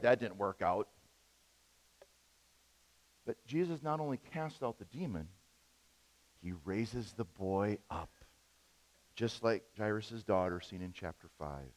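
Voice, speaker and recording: Guy preaching, kinda high voice, gets loud then drops way down, big echoey church hall. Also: measured pace, pauses often. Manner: animated storytelling, big swings in loudness. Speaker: pastor. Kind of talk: sermon.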